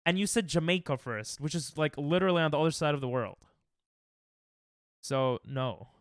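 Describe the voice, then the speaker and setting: A man's voice: fairly high pitch, moderate pace, clean tone, no echo, studio quality. A young American man streaming a geography guessing game, thinking aloud and trash-talking his chat. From United States. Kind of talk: casual live-stream chatter while playing.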